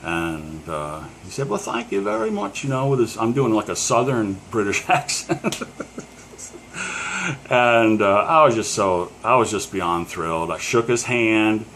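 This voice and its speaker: A middle-aged man from Pennsylvania with a somewhat low voice tells a story straight to the camera. He rambles, stops and restarts with plenty of fillers and chuckles. There is a faint hum of room noise behind him. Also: animated, measured pace, fairly bright tone. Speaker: collector.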